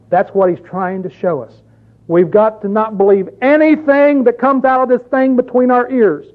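Male preacher, high-pitched and emphatic, sermon delivery, tinny lo-fi recording. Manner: emphatic, rhetorical questions, reads scripture aloud.

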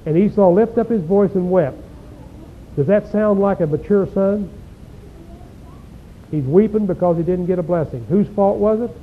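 A man delivers a sermon, reading scripture and stopping to ask his listeners pointed, folksy questions. His voice sits high, and the recording is thin and phone-like with a faint low rumble underneath. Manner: rhetorical questions, folksy asides. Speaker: preacher.

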